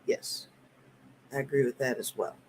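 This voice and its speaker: A woman in her fifties hosting a live tarot stream, talking in a halting, earnest way and reading viewer comments aloud. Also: very deep voice, a little hiss or hum. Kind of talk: casual live-stream chat.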